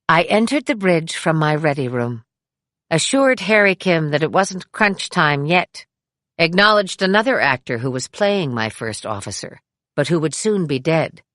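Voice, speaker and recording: Woman, low voice, audiobook memoir narration, measured reading, dry close studio sound. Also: a bit bright, no room sound. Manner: measured, acts out dialogue with raised voice.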